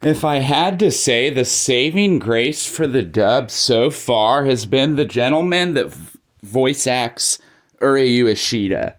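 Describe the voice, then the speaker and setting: Man, casual video commentary, opinionated, chatty, lots of filler words, mid-range pitch. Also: lively intonation, slow pace.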